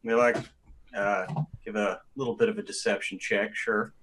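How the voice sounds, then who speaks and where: Bright-voiced hesitant man. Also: on the low side, flat delivery. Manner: halting, hesitant questions. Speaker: player. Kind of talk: casual tabletop play.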